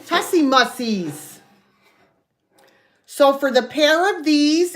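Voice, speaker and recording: Woman, live sale host, folksy chatter, unhurried, slightly high voice. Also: expressive. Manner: chatty, folksy, counts down sales. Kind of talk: live selling stream.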